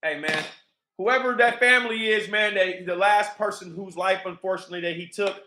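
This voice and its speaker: A man's voice: high voice, brisk, sharp tone, echoey room, a little hiss or hum. A man hosting a livestream, ranting in a heated, profane, repetitive way. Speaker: livestream host.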